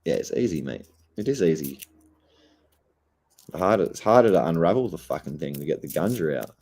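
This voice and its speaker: A man's voice: extremely low pitch, lively intonation, brisk, a little mellow. A young Australian man, stoned and laid-back, rambling and swearing heavily in a casual livestream chat. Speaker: streamer.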